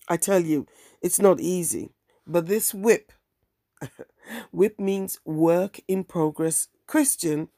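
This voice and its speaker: A woman's voice: low-pitched, creaky, mellow, no room sound, studio quality. A woman hosting her own podcast, talking candidly in a wry, ranting monologue. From African heritage. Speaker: podcast host and bookseller.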